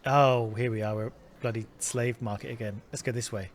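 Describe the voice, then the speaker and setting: A man's voice: medium pitch, steady tone, a little fast, a little hiss or hum. A man, casually thinking aloud while playing a game. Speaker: let's play host.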